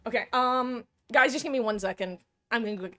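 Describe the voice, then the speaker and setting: A woman's voice: on the high side, brisk, a bit bright, a little hiss or hum. A young woman streaming live, chatting casually and self-deprecatingly with her viewers.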